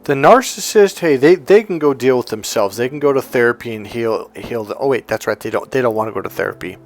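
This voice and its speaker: Faint music plays behind a man acting as a life coach, whose medium-pitched voice is expressive and fairly quick. His emphatic motivational monologue is blunt and forceful, with swearing for emphasis and other people's lines acted out in a raised voice.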